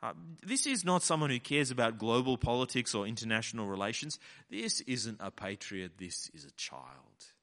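A man preaching a sermon in an animated way, acting out the lines he quotes. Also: medium pitch, normal speed, few pauses. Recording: long hall reverb.

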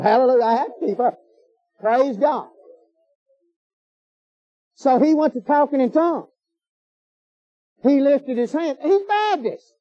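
A man's voice: very high voice, mellow, no room sound. A man preaching a sermon in a folksy, emphatic way, firing off rhetorical questions. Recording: dull lo-fi sermon recording.

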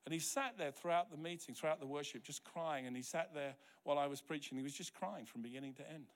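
A middle-aged man from New Zealand preaching a sermon as pastor, telling stories and acting out the quoted dialogue, sometimes dropping to a soft, quiet voice. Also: fairly high pitch, quick pace. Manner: drops to a soft, quiet voice for tender moments.

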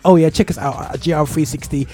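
High-voiced radio host with a mellow tone. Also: male voice, fairly even intonation, fast. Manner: slang-heavy, laughs often, preachy asides. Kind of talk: casual radio banter.

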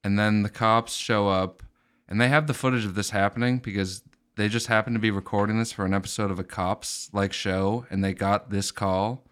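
A man co-hosting a comedy podcast in casual, crude banter. His voice sits low and sounds smooth and resonant. He delivers jokes deadpan. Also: moderate pace. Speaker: podcast co-host.

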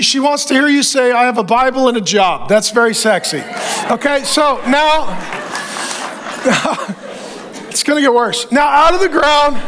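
Middle-aged pastor, very high voice, animated and comic sermon delivery. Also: male voice. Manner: animated, joking, acts out quotes. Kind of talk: humorous sermon.

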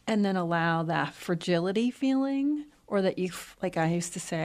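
A woman interviewer chatting casually, rambling with many fillers and quick laughs. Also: lowish voice, a little mellow. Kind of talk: casual chat.

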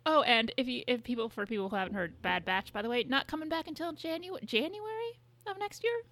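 A young woman co-hosting a podcast in casual chat, talking fast with lots of fillers and swearing. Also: high-pitched, expressive, fairly bright tone. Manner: chatty, swears, many fillers. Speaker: podcast co-host.

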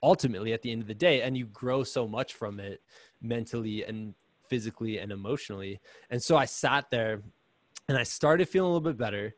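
Man guest, chatty storyteller, dry close sound, mid pitch. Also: no echo. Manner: chatty, animated, lots of "like". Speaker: podcast guest, runner. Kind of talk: casual storytelling.

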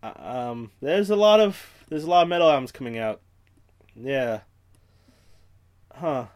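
A man's voice: medium pitch, animated, a little slow, a little mellow. Profane rambling solo podcast host man. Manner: profane, rambling, self-mocking tangents.

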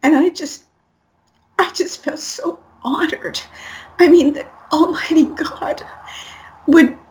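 A middle-aged woman recounts a personal story as a guest, slipping into the voices of everyone in it. Her voice sits a little high. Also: slow, rough recording. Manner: animated storyteller acting out quotes. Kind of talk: storytelling interview.

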